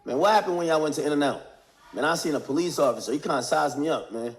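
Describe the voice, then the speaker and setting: High-pitched man, casual street-slang commentator, animated retelling of testimony. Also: fast. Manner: animated slang-heavy retelling, acting out quotes. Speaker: commentator recapping court testimony.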